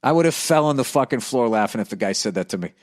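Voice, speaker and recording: A man's voice: mid-range voice, lively intonation, quick pace. A middle-aged man hosting a podcast, reading listener mail and riffing on it in a profane, sarcastic rant. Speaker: comedian podcast host.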